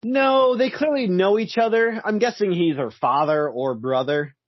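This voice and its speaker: A man co-hosting a casual podcast, playful and quick to laugh. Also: sits high, no room sound, muffled recording. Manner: laughing, playful, acts out quotes. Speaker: podcast co-host. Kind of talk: casual comic book chat.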